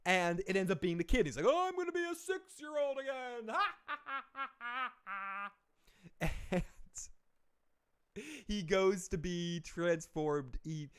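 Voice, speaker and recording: Animated rambling man, smooth voice. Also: mid-range voice. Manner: rambling, animated, with self-corrections and swearing; laughs at his own jokes. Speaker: movie reviewer, live-stream host. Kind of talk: casual rambling film recap.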